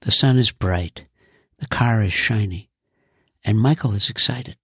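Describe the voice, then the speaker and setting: A man narrating a scripted audio drama slowly and in a measured way. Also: lowish voice, a bit bright, husky, no room sound, clean studio sound. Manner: slow and measured. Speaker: writer and narrator.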